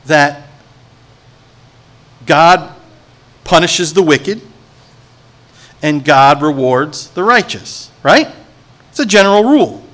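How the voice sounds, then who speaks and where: Animated, bright-voiced male preacher. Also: on the high side. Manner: animated preaching, voices scripture characters sarcastically, calls for responses. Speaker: pastor. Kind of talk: sermon.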